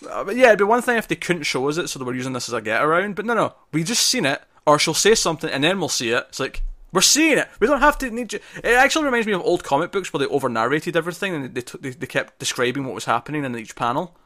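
Guy co-hosting a movie chat, bright voice, excited, trips over his words. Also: on the high side, fast. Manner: animated, jumps in often, stumbles and restarts. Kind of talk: casual film discussion.

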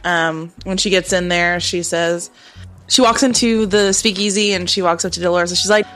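A woman's voice: on the low side, steady tone, normal speed, a bit bright, faint music behind. Rambling woman describing her character. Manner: rambling, lots of fillers. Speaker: player. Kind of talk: narrating a tabletop game.

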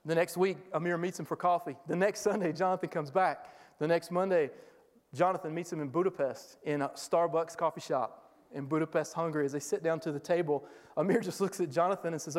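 A man's voice: a little high, fairly quick, long reverb tail. A man giving a sermon as a guest missionary speaker, telling stories and acting out the voices of the people in them. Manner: animated storyteller acting out quoted voices. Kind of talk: sermon storytelling. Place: church sanctuary.

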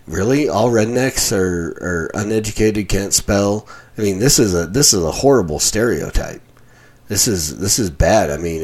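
A man talking in a very deep, low voice. He speaks slowly and earnestly, like a preacher, with frequent fillers and restarts. He sounds tired and a bit irritated. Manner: halting, many restarts and fillers. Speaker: podcast host. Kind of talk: casual reaction commentary.

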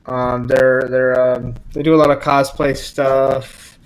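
A man's voice: medium pitch, flat delivery, takes it slowly, low-quality recording. A man chatting casually about his start as a fair actor, rambling and laughing, acting out quoted lines. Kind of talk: casual podcast chat.

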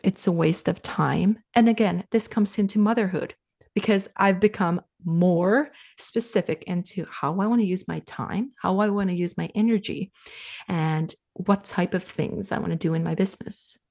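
A woman from Finland in her thirties, a guest on a podcast interview, talking in a relaxed, reflective way and turning lively when she quotes herself. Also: fairly low pitch, moderate pace, creaky. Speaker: podcast guest, sales coach. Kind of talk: casual interview talk.

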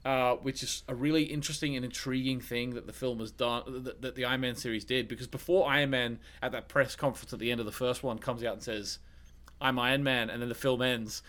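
This is a young man co-hosting a podcast and talking casually about films. He rambles and restarts his sentences often, and he fills the gaps with "um" and "uh". His voice sits at an ordinary middle pitch. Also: fairly even intonation, a little fast, a bit bright. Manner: rambling, many restarts and fillers. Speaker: podcast co-host. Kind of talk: casual film chat.

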